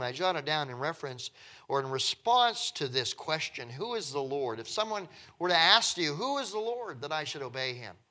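A middle-aged man preaching a sermon, animated, acting out the people in the text with sudden jumps in voice. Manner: animated, acts out biblical speakers with pitch jumps. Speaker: pastor.

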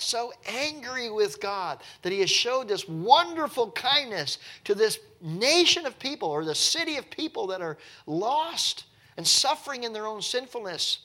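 A man preaching a sermon in a conversational, animated way with wry asides, at an evening church service. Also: high voice. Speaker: pastor.

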